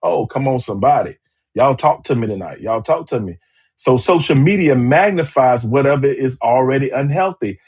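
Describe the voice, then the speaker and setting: A man's voice: mid-range voice, animated, normal speed, a little mellow, husky. A man hosting a live-streamed relationship talk, speaking emphatically and repeating himself as he calls out to his viewers. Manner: emphatic and repetitive, calling out to viewers. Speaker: relationship podcast host.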